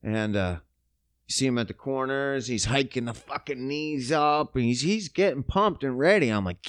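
A man hosting a podcast, ranting casually with lots of swearing and mocking, his voice jumping up and down in pitch. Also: normal speed, clear, resonant tone, no room sound, clean studio sound. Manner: profane, animated, mocking ranting with sudden pitch jumps. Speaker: podcast host.

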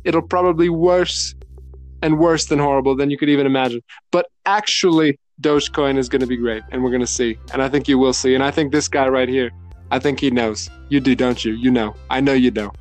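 A man's voice: medium pitch, steady tone, a little fast, soft background music, natural voice. A man putting on a boastful older male politician at a rally, repetitive and bragging, talking to the crowd as folks.

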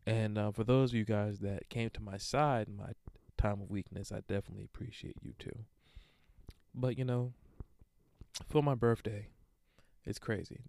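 A young man hosting a podcast, telling a story in a casual, profane monologue with lively swings into acted-out quotes. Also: on the low side, creaky, no room sound, studio quality. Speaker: podcast host.

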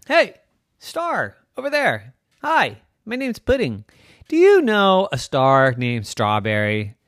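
A man puts on a bewildered little star girl from a storybook, talking herself through every turn in a lively, swinging voice with a gravelly edge. Dry and close. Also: mid-range voice, moderate pace, no echo. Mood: polite. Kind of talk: bedtime storytelling.

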